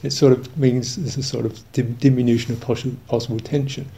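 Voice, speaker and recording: A man's voice: mid-range voice, level tone, a little fast, gravelly, dark tone. An older English man, a Buddhist monk, telling a humorous, self-mocking story in a dharma talk, chuckling along.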